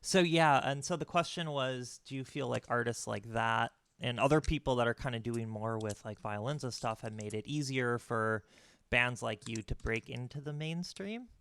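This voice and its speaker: A woman's voice: a bass voice, moderate pace, a bit bright, clear, resonant tone. A woman hosting a casual livestream interview, teasing her guest and laughing often. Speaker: host of a monthly composition masterclass.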